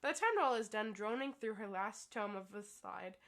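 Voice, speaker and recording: A woman's voice: mid-range voice, a little fast, fairly bright tone. A woman streamer reading a visual novel aloud and reacting with giggles and exclamations.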